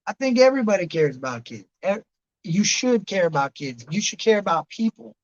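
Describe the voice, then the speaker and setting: A man's voice: sits high, very animated, brisk, dull audio. A man in his late thirties hosting a livestream, rambling casually and answering chatters by name. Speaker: livestream host reading chat.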